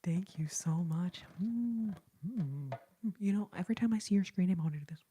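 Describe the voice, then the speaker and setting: A young woman whispers a relaxed ASMR chat right up close to the mic. Her voice is very airy and husky, with a mellow, dark, slightly low tone. She talks in a soft, chatty, giggly way. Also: brisk. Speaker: ASMR host.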